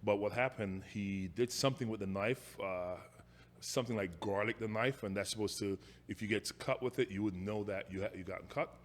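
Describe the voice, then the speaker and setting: A man in his forties from Jamaica with a Jamaican accent, telling stories about his youth in a casual interview, halting and restarting his sentences. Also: lowish voice, big-room sound. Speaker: guest.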